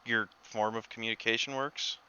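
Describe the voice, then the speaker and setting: A man running a tabletop game as game master, talking in a halting way and laughing easily. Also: medium pitch, steady tone, bright, forceful tone, smooth, dull audio.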